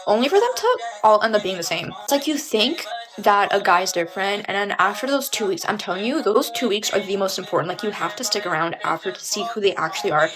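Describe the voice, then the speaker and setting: A young woman venting to camera in an exasperated, profane way, full of rhetorical questions. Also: medium pitch.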